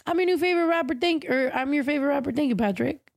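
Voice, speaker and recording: A woman's voice: sits high, rapid-fire, gravelly, no room sound, clean studio sound. Chatty young woman podcaster. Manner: chatty, laughing, swearing, expressive. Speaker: podcast co-host. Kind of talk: casual chat.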